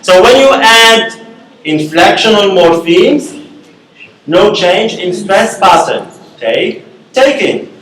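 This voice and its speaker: A male university lecturer with a high, fairly bright voice teaches slowly, repeating key words and often checking in with "okay?" He is recorded from a distance in an echoey classroom.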